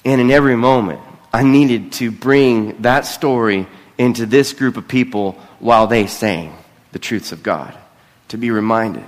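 A middle-aged man delivers a conversational sermon from the front of a church, his voice sitting at an ordinary middle pitch. He is earnest but quick to poke fun at himself, and his words ring out with a long reverb that hangs in the big room. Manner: earnest, with self-deprecating asides. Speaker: pastor. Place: church sanctuary. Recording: long reverb of a large hall.

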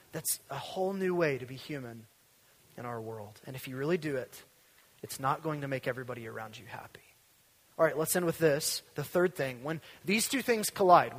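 Male pastor, high, husky voice, earnest emphatic sermon delivery, long hall reverb. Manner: earnest and emphatic, drops to a hush for weight.

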